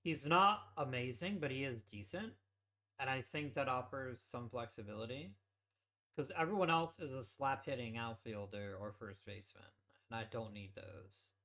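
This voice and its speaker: Bright-voiced man musing over a game. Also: mid-range voice, normal speed. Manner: musing aloud, offhand swearing. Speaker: let's play host. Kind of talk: casual gameplay commentary.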